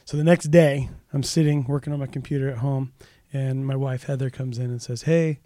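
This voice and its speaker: A male pastor telling a personal story in a casual podcast chat, lively when he acts out what people said. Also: mid-range voice, fairly quick, no room sound. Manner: animated storyteller, raises voice for quoted dialogue.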